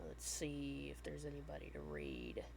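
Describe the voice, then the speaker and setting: A woman hosting a livestream, chatting casually and meandering in a relaxed, friendly way as she signs off. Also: very deep voice, normal speed, vocal fry, background noise. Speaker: livestream host. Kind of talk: casual stream sign-off chat.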